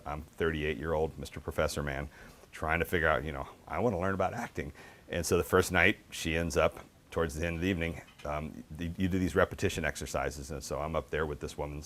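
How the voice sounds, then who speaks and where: A middle-aged man giving a book talk, telling casual, animated anecdotes with lots of fillers. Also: extremely low pitch. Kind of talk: storytelling talk.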